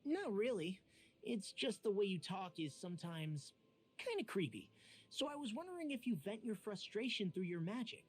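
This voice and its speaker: A man's voice: sits high, very animated, moderate pace, slight background noise. An actor playing a brash young male fighter in a game, blunt and earnest but haunted by his past. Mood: curious. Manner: bluntly earnest, turns quiet and hesitant. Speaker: game character. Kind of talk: game dialogue acting. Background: game music.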